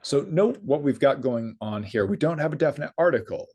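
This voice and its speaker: A middle-aged man giving a recorded Greek lesson, reading the text slowly and then explaining it briskly. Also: medium pitch, lively intonation, a little mellow. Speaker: Greek instructor.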